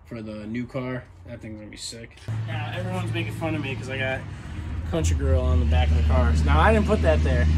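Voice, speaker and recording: A man's voice: medium pitch, very noisy. A man giving a casual, rambling tour of his car in a small home garage, swearing freely as he talks. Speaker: garage vlogger. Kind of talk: casual walkaround chat.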